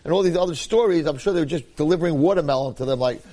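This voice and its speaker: Speaking fairly high and rapid-fire, a man teaches a casual Torah lesson. He goes over his points again and again, performing each quote with lively energy.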